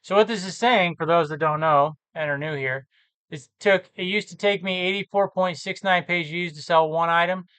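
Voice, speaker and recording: Man, reseller vlog, casual screen walkthrough, self-correcting, slightly high voice. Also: moderate pace, a bit bright, clean tone, no echo. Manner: thinks aloud, muttering numbers, self-correcting. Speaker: reseller vlogger.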